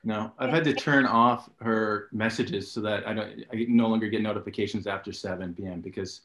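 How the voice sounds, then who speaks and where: A man's voice: lowish voice, steady tone, brisk, fairly bright tone. A man speaking as an interview guest, joking and self-deprecating as he tells stories. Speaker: guest, art director. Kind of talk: casual interview. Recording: roomy echo.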